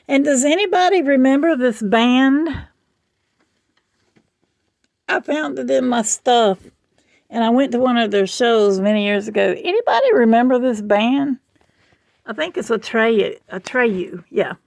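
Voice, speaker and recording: A woman vlogging at home in rambling, chatty talk with a gravelly fry. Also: a little high, animated, darkish tone, no echo. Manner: rambling, chatty, slow and drawling. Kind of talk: casual chat.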